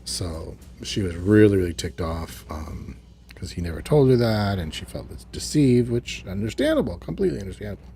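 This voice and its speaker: A man's voice: fairly low pitch, big pitch swings, normal speed, vocal fry, mellow, a little hiss or hum. A man casually recapping a television episode, retelling the scenes with chatty asides. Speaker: video reviewer.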